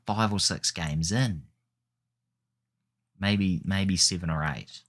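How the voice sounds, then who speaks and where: A man's voice: low voice, takes it slowly, pauses often, fairly bright tone. A man hosting a gaming video, giving chatty, rambling commentary that often corrects itself. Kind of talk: casual gameplay commentary.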